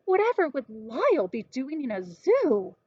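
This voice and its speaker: A woman's voice: high voice, huge pitch swings, breathy edge, lo-fi sound, pitched above the performer's own voice, heavily acted. A woman reading a storybook, voicing a flustered, anxious middle-aged woman who is searching frantically. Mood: dismayed. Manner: hurried, breathless pleading.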